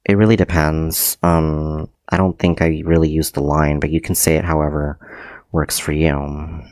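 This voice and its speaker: A man's voice: extremely low pitch, level tone, moderate pace, darkish tone, no room sound. A man teaching a livestreamed math lecture, hesitant, with many ums and frequent self-corrections.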